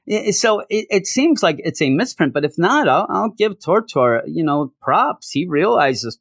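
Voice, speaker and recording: A man's voice: on the high side, big pitch swings, unhurried, hardly any pauses, fairly bright tone, dry recording, studio quality. A man casually reviewing a comic book, sarcastic, reading out lines in mocking voices.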